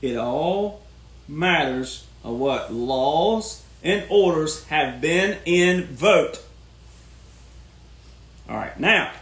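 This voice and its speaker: Here a commentary host, male, with a high and fairly bright voice, gives a ranting political monologue that feels folksy and preachy, with points repeated over and over. The sound carries a roomy echo.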